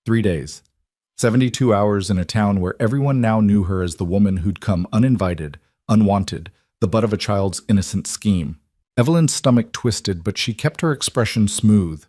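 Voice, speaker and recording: A man giving scripted narration of a story in a measured, even way. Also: fairly low pitch, dry recording, clean studio sound.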